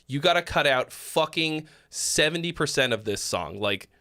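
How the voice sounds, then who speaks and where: A man's voice: fairly high pitch, lively intonation, moderate pace, pushed and bright. A man in his thirties hosting a casual live song-critique stream, giving blunt feedback laced with profanity.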